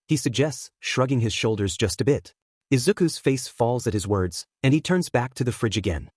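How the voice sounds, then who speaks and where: A man narrating a fan fiction story aloud in a steady, even storytelling manner. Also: mid-range voice, moderate pace, husky, dry recording, studio quality. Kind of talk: audiobook reading of fan fiction.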